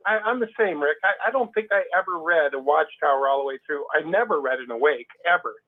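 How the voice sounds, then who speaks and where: A man's voice: a little high, quick pace. A man talking casually and with heat, restarting his sentences often. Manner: emphatic, heated, many restarts. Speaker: guest. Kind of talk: casual conversation. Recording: tinny phone line.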